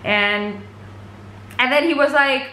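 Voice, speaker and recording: A woman's voice: high voice, takes it slowly, echoey room, noisy background. A woman vlogger retelling a concert in a gushing, chatty way, full of fillers. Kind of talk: casual storytelling to camera.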